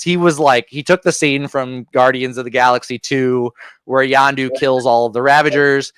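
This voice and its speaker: Opinionated man ranting with smooth voice. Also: medium pitch, a bit bright, no echo. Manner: opinionated, ranting with frequent fillers. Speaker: podcast co-host. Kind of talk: casual movie review chat.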